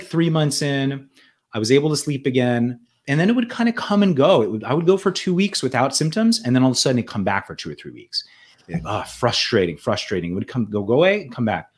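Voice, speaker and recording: A man's voice: mid-range voice, very animated, quick pace. Man telling his story earnestly. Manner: earnest, reflective, with many restarts and repeated words. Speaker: interview guest. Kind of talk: conversational storytelling.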